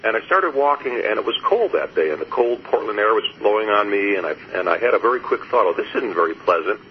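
A low-voiced man speaks as an interview guest, reflective and unhurried in his storytelling, breaking into soft laughs between thoughts. The audio is muffled and lo-fi, with a faint hiss behind him. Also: lively intonation. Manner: reflective, storytelling, laughs softly, many fillers. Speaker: guest, therapist. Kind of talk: conversational interview.

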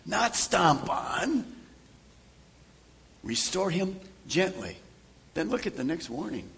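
Older male pastor, high bright voice, very expressive; acts out dialogue in his sermon, loud then hushed. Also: takes it slowly, creaky. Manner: animated preacher acting out conversations, shifting from loud to hushed.

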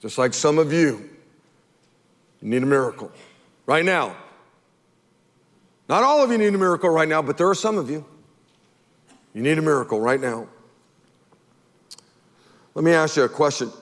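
A man preaching a sermon as pastor, animated and emphatic, firing off rhetorical questions at his congregation. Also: a little high, normal speed, pauses often, in a large hall.

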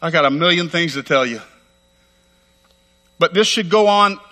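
A middle-aged man preaching a sermon as pastor, fervent and emphatic, talking rapidly and repeating phrases for weight. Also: fairly high pitch, animated, bright, forceful tone. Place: church sanctuary. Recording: long hall reverb.

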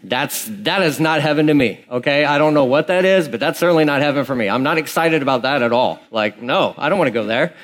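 A man's voice: a little high, fast talker, hardly any pauses, fairly bright tone. A man, a pastor, preaching a conversational sermon in a casual, rambling storytelling manner with many fillers and restarts.

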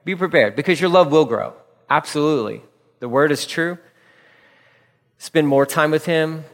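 Emphatic preacher man in a reverberant hall. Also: a little high. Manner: emphatic preaching, slowing for scripture. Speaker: pastor. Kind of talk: radio sermon.

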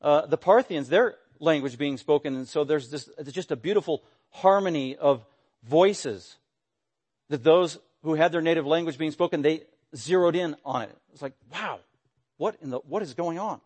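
Male pastor, sermon, emphatic, lively delivery, slightly high voice. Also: normal speed. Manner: animated, emphatic preaching with bursts of raised voice; drops into mimicking voices for quoted speech. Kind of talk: expository sermon.

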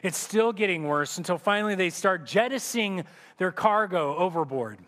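High-voiced pastor preaching in an echoey hall. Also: male voice, lively intonation, moderate pace, a bit bright. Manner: vivid storytelling with restarts. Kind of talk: sermon. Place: church sanctuary. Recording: echoey church hall reverb.

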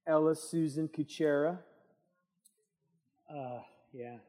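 Warm-voiced man preaching in a reverberant hall. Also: on the high side, slow. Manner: lively preaching with call-and-response asides. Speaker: Bible study teacher. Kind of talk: midweek church Bible study sermon. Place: church meeting room. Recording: long church hall reverb.

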